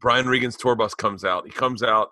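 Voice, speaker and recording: Man, middle-aged, comedian, bright forceful tone, dry close sound, profane animated storytelling. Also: medium pitch, moderate pace, no echo. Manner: animated, profane storyteller who acts out quotes. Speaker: comedian and podcast co-host. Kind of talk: casual chat.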